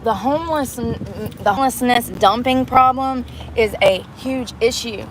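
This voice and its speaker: Woman streamer, fairly high voice, casual and foul-mouthed, talking into her phone in the car with a faint engine hum behind. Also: measured pace. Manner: chatty, profane, talks straight to viewers. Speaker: live-streamer. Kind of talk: casual live-stream chat. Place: inside a parked car at a drive-thru. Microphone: phone camera.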